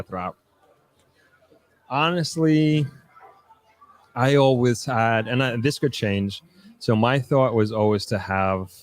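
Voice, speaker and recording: A young man hosting a live stream, reading viewer comments aloud and answering them in a loose, chatty way with many restarts and fillers. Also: lowish voice. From New York, United States. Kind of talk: casual live chat.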